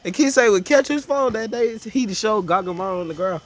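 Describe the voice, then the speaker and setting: A man's voice: sits high, animated, brisk. Rambling joking man telling a story. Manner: rambling, joking, acts out dialogue with stammers. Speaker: storyteller improvising a scenario. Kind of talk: casual improvised storytelling.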